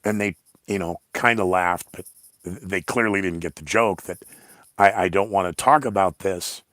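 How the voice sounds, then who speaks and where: A man's voice: low-pitched, normal speed, fairly bright tone, dry recording, clean studio sound. A man hosting his own podcast, talking in a rambling, blunt monologue full of sarcastic asides. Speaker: podcast host.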